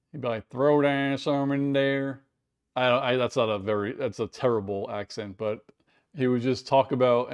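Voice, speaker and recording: A man's voice: mid-range voice, a little mellow, lo-fi sound. A man hosting a casual live watch-along stream, chatting with viewers, reading out their messages and reacting with surprise. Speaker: livestream host.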